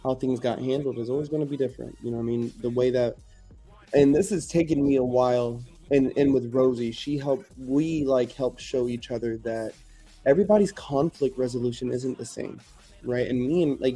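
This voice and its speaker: A man hosting a casual conversation, reflecting in a measured way. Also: medium pitch, fairly even intonation, warm tone, breathy edge, faint music behind. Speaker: podcast host.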